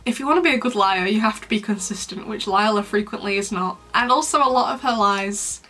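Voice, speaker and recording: A woman's voice: mid-range voice, brisk, pushed and bright, faint music behind. A young woman hosting a casual commentary vlog, chatty and dramatic with a playfully mean streak. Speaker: YouTuber, host.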